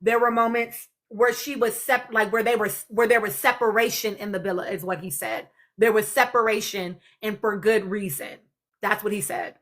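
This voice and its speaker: A woman's voice: mid-range voice, fairly even intonation, normal speed, fairly bright tone. A woman hosting a live podcast stream, chatting casually and speaking straight to her viewers. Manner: chatty, talks to viewers directly. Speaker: podcast host.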